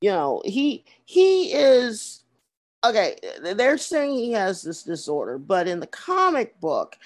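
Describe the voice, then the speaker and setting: Emphatic woman podcast co-host. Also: mid-range voice. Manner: earnest, emphatic, repeats words. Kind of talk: casual chat.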